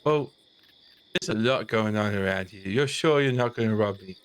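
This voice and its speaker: A man's voice: fairly low pitch, normal speed, clean tone, no echo, lightly acted. A man playing a nervous stranger in a game roleplay, hesitant and wary. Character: nervous man waiting for his brother.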